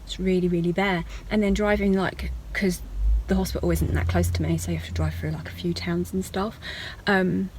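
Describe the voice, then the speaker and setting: A woman's voice: lowish voice, little pitch movement, moderate pace, hardly any pauses, darkish tone, a little hiss or hum, rough recording. A woman talking through her day in a chatty, rambling vlog diary with self-mocking asides. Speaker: vlogger.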